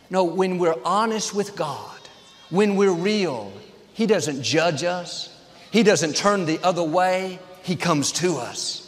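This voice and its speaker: A man's voice: sits high, lively intonation, unhurried, in a large hall. A man preaching a sermon as a pastor, with an emphatic cadence built on short, repeated phrases.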